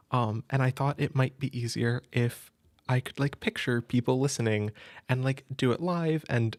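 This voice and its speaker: A man hosting a live stream, nervous and excited, chatting loosely with lots of fillers and restarts. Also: mid-range voice, dry recording. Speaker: audio role-play creator hosting a live stream. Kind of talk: casual live-stream chat.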